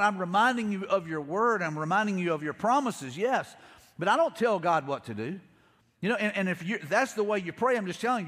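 Fast-talking pastor in a big hall. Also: male voice, high-pitched, a bit bright. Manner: storytelling, acts out quotes, frequent repeats. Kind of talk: conversational sermon.

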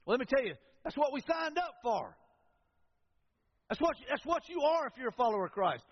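A pastor with a notably high voice delivers a folksy, conversational sermon to his congregation. His words ring with long reverb through a large church hall. The recording itself sounds dull and lo-fi. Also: sing-song, a little fast. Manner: folksy, conversational preaching with storytelling asides.

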